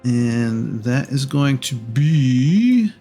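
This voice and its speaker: A man running a tabletop game as game master, narrating in an unhurried, rambling way with many ums and self-corrections. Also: medium pitch, very animated, mellow, faint music behind.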